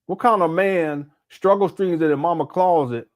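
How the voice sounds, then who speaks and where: A man's voice: fairly high pitch, moderate pace. A man hosting a casual live commentary stream, mocking a clip he is reacting to and laughing often. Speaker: commentary channel host.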